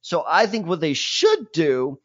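Young male podcast co-host, fairly high voice, animated rants, muffled lo-fi sound. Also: measured pace. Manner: animated, opinionated, mock-dramatic rants. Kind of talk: casual sports chat. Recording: dull lo-fi mic.

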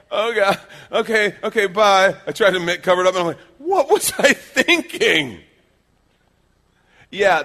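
A middle-aged male pastor preaching a sermon, telling stories with lively changes between loud acted-out lines and hushed quiet moments. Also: mid-range voice. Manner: animated storytelling, acting out quoted lines, dropping to hushed tones.

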